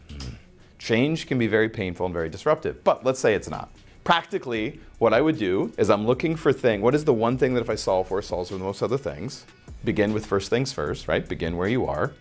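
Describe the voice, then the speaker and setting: A man's voice: on the low side, expressive, moderate pace, soft background music. A man talking as a life coach on a podcast, blunt and profane, acting out little scenes as he makes his points. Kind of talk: motivational podcast talk.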